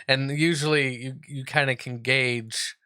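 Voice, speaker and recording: Smooth bright-voiced easygoing male host. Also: medium pitch, a little slow. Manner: relaxed, easygoing, paraphrases the guest. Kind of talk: casual interview.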